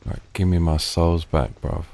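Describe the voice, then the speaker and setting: A man's voice: sits low, steady tone, measured pace, gravelly, darkish tone, a little hiss or hum. A young man giving casual, swear-filled let's play commentary, muttering in slang as he plays. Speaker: gaming streamer.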